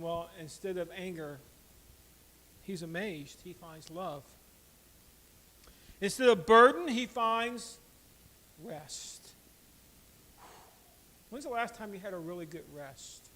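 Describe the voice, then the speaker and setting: Bright-voiced preaching pastor, man. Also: sits high, a little hiss or hum, rough recording. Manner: preaching with big swings between loud emphatic lines and quiet asides; addresses the congregation directly with rhetorical questions. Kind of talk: sermon.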